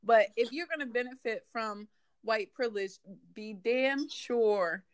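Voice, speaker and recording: Sassy woman with quick retorts. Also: fairly high pitch. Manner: sassy, reads comments aloud, quick retorts. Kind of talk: casual chat.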